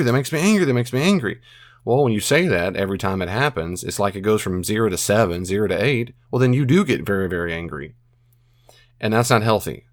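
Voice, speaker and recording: Earnest low-voiced man giving advice. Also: no room sound, studio quality. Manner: earnest, repeats phrases, acts out self-talk. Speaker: podcast host answering a listener. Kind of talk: casual advice monologue.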